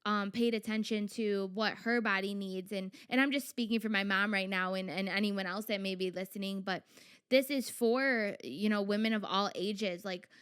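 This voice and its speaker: A young adult woman hosting her own podcast, talking in a chatty, animated way with lots of fillers and quoted inner voices. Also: medium pitch, normal speed, clean tone. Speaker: podcast host. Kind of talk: casual solo podcast talk.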